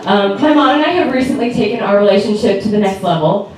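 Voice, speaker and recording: A woman's voice: mid-range voice, animated, quick pace, crowd noise. A woman in her twenties doing a stand-up comedy set, chatty and rambling, with lots of fillers and giggles. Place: comedy club stage. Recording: echoey club, distant mic, loud noise.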